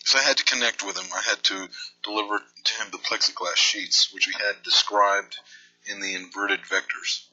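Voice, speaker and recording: A man's voice: on the low side, steady tone, moderate pace, pushed and bright. A man making a prank phone call, rambling and acting confused and hurt. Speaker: prank caller.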